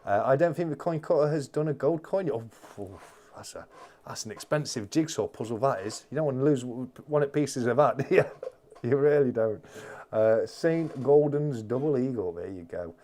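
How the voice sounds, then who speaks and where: A man's voice: medium pitch, normal speed, mellow, a little hiss or hum. A man hosting a casual live-stream chat, reading out viewer comments and rambling with many restarts.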